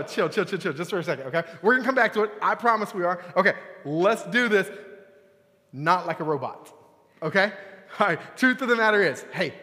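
High-voiced man preaching in a big hall. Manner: playful, talks to the room, bursts of excitement. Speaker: youth pastor. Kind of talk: lively sermon to a young crowd. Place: large church hall.

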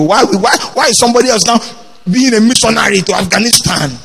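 A man's voice: high voice, fast, vocal fry, fairly bright tone, breathy edge, rough recording. A man preaching a sermon, leading the congregation in call-and-response and acting out quotes in different voices.

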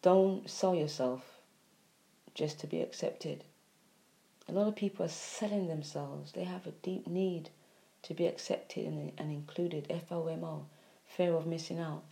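Low, mellow woman giving a preachy spiritual talk. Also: gravelly. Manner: repetitive, preachy, with sighs and emphatic swings in loudness. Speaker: spiritual speaker. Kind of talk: spiritual monologue.

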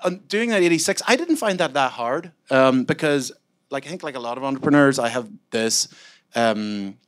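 A man from Scotland, a startup founder, answering onstage interview questions in a rambling, animated way full of fillers and self-mocking asides. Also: mid-range voice, normal speed. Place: event room with a live audience.

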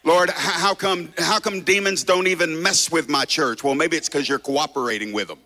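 A male pastor preaching a revival sermon with a bright, forceful tone. He swings between loud shouting and hushed, quiet stretches, driving each point home with passion. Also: a little high, normal speed.

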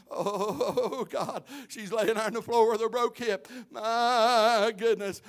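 A male pastor, preaching a sermon that swells from quiet storytelling into loud, shouted exhortation. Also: high-pitched, takes it slowly.

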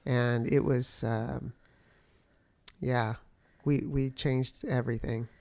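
Forties male pastor, podcast co-host, reflective and affirming in relaxed spousal chat. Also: medium pitch, slow pace, gravelly. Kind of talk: casual conversation with spouse.

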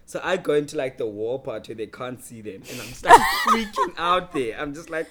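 A man telling a story in a casual chat, energetic and acting out the dialogue. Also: fairly high pitch, fairly quick, heavy background noise. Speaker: voice-over artist and co-host.

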